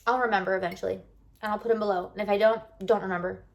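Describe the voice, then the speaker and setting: A woman's voice: mid-range voice, steady tone, very fast, gravelly. A bubbly woman vlogger talking casually and animatedly straight to her viewers. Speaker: lifestyle vlogger. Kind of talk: casual chat to camera.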